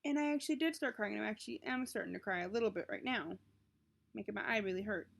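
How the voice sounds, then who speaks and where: A late-teen woman vlogger speaks quickly in a mid-range, creaky, slightly bright voice, her throat sore. Indoors at home, she delivers a confessional vlog through her computer's built-in webcam mic, rambling emotionally and interrupting herself.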